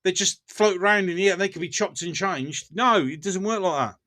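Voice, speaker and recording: A man's voice: high-pitched, a little fast, sharp tone. A man with a Birmingham accent hosting a casual live stream, chatting bluntly with viewers, often laughing between remarks and going off on rants. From England.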